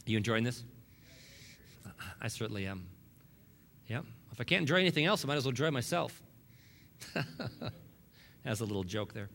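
A man's voice: medium pitch, lively intonation, moderate pace, gravelly, long pauses, fairly bright tone. A man preaching a sermon as pastor, emphatic and fond of repeating key lines, with wry asides to the congregation.

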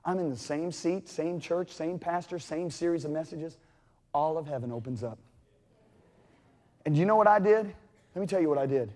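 A man with a high voice preaching in a church, storytelling with drama and sudden drops to a near hush. The sound carries a long hall reverb around him. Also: fairly quick. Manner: dramatic storytelling, swinging from loud to hushed. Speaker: pastor. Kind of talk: sermon. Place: church sanctuary.

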